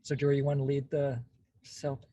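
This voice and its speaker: A man hosting a mindfulness practice group from a parked car on a video call, speaking slowly and calmly and often clearing his throat. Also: medium pitch, no room sound. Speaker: meditation class host. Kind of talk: gentle guided mindfulness. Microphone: phone on video call.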